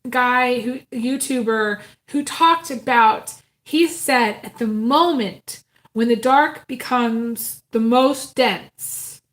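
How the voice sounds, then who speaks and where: A woman's voice: fairly high pitch, a bit bright. A woman giving a casual live tarot reading, talking earnestly and from the heart, with many ums and restarts. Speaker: tarot reader.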